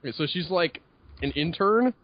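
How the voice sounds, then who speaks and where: Lively, higher-voiced man joking at the game table. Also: normal speed, lo-fi sound. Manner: joking, chatty, laughs often, lots of fillers. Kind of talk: casual chat during a tabletop story game.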